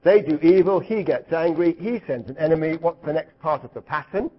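Lively man teaching to an audience. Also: on the high side, a little fast, husky, muffled recording. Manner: asks the audience questions, lively, acts out cries. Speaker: Bible teacher. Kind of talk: interactive Bible teaching.

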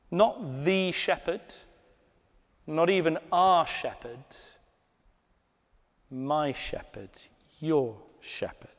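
A man preaching a sermon in a church, slow and deliberate, dropping to hushed, near-whispered emphasis. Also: a little high. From Britain. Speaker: pastor. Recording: long reverb of a church hall.

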